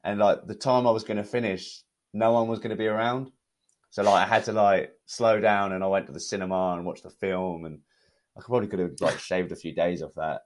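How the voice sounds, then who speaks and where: British man, lowish voice, relaxed, chatty podcast guest. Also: a little fast. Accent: British English. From United Kingdom. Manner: relaxed, chatty, many fillers. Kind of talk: casual conversational storytelling.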